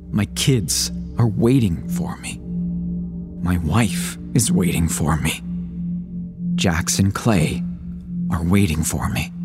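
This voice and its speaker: A man reading a horror story aloud as a pleading first-person letter, in scripted narration. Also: low-pitched. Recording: voice over a music bed. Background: music.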